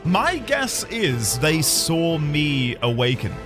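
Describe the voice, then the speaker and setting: A man's voice: on the high side, sing-song, takes it slowly. A man streaming a video game, chatting casually with viewers in a rambling, jokey way. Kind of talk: casual gaming commentary. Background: game music.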